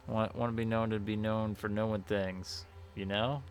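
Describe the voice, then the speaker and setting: Gravelly low-voiced man streaming a game. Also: flat delivery, moderate pace, slight background noise. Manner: rambling, self-correcting, reads game text aloud. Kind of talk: casual let's-play commentary. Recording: faint game music behind.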